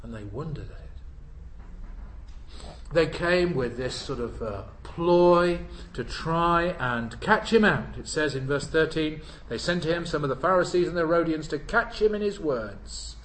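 A man preaching a sermon in a church. He asks the congregation rhetorical questions and swings between loud emphasis and hushed asides. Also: fairly high pitch, expressive, a little slow, roomy sound, a little hiss or hum, poor audio.

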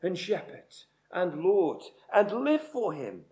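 Slow, high-voiced male preacher. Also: big pitch swings, dark tone. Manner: deliberate, emphatic preaching with slow repeated phrases. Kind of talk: sermon.

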